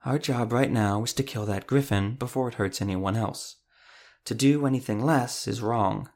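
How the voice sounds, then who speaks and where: A man's voice: medium pitch, moderate pace, a little mellow, lightly acted. A proud male doctor who hunts monsters, with a dry, understated wit, as a man reads him in an audiobook. His voice is a mid-range man's voice. It sounds close to the narrator's own. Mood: resolute.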